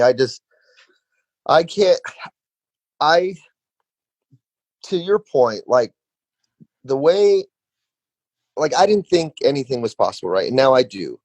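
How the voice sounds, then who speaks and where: Man, podcast host, relaxed and reflective, heavy on filler words, dry sound. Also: medium pitch, slow, long pauses, no echo. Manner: laid-back, says "like" constantly, reflective. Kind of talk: casual podcast chat.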